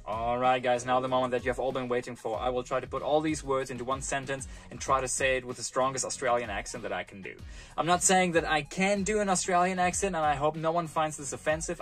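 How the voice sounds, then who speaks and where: Guy rambling to camera outside by a road, mid pitch, bit of music behind, voice drops off at the ends. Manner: chatty and self-deprecating, trailing off softly. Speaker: travel vlogger. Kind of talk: casual talk to camera. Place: outdoors by a road.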